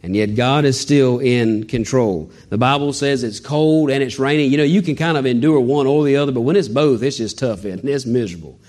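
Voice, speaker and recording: A man preaching a sermon in a folksy, animated way with joking asides. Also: medium pitch, brisk, hardly any pauses. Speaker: pastor.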